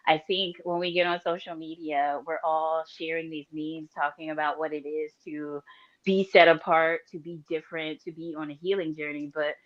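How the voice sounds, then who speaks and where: Woman podcast host, very low voice, talkative, laughs often, dull lo-fi sound. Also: fairly even intonation, normal speed. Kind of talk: casual faith podcast chat.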